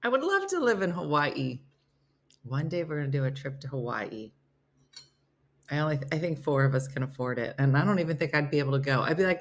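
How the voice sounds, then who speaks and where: A woman's voice: low-pitched, big pitch swings, brisk. A woman hosting a casual live morning stream, chatty and playful, teasing her viewers. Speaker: host of a live morning show.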